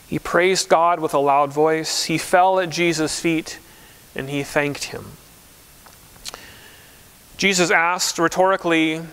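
A man's voice: a little high, measured pace, fairly bright tone, smooth. A man who is a pastor, preaching a conversational, story-driven sermon. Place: church.

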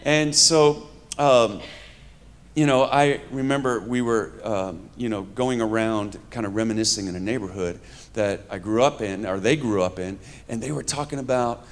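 A man from New York in his fifties, with a lowish voice at normal speed, preaches to a live audience in a church hall. His sermon is conversational, humorous, and story-driven, and he addresses the audience directly.

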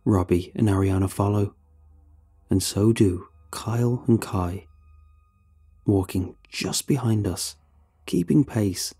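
A man narrating a scripted horror story in a steady, suspenseful manner. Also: on the low side, slow pace, long pauses, slightly rough. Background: faint background music.

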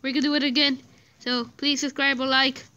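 A woman giving casual gameplay commentary, excitable and playful, humming little tunes as she plays. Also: high-pitched, fairly quick, highs cut off. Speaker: gamer.

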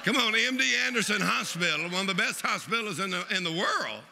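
A preacher, delivering an exuberant sermon and leading the congregation in laughter. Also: male voice, high-pitched, expressive, brisk, creaky, background noise. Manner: exuberant, leads the crowd in laughing. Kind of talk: lively sermon.

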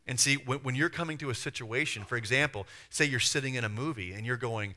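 A man preaching a sermon as pastor, lively and acting out the voices he quotes. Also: mid-range voice, quick pace, hardly any pauses. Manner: animated, acts out voices and quotes. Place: church.

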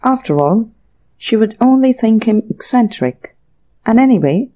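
Mellow, measured audiobook narrator. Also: mid-range voice, animated. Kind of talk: scripted narration.

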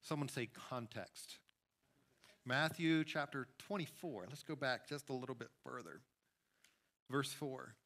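Pastor type, man, unhurried emphatic preaching delivery, mid-pitched voice. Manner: slow, emphatic preaching with sudden rises and hushed drops. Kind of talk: sermon. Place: church sanctuary.

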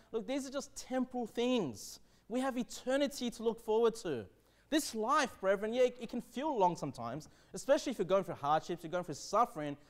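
A pastor delivers a sermon in a notably high, light male voice. He reads verses slowly with weight, then talks earnestly, often stopping to ask the congregation "okay?". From Australia. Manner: earnest preaching, slow emphatic scripture reading, frequent "okay?" checks.

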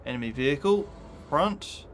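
Sarcastic man narrating gameplay, slightly high voice. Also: expressive, moderate pace, heavy background noise. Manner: sarcastic, exasperated, swears at the game. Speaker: gaming channel host. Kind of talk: gameplay commentary. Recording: game music loud behind voice. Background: game music.

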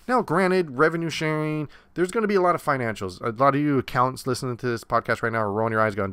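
A man's voice: medium pitch, fast talker, few pauses, fairly bright tone, clear, resonant tone, no echo. Blunt, fired-up male podcast host. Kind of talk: opinionated solo podcast rant.

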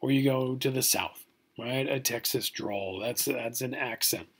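A man's voice: medium pitch, unhurried, fairly bright tone, slightly rough. A man from California with a Californian accent, giving a recorded college lecture in a joking, mock-outraged way and often asking "right?".

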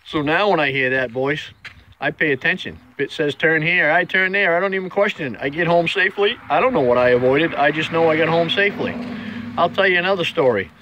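A man's voice: mid-range voice, fairly bright tone, lo-fi sound. A middle-aged man hosting a daily motivational vlog, telling stories in a folksy, earnest way straight to the viewer. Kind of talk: casual inspirational storytelling.

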